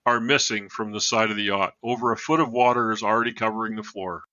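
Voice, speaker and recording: A man's voice: lowish voice, steady tone, fast talker, bright, forceful tone, dry recording, highs cut off. A man telling a true story as a podcast guest, reading from notes and adding casual asides.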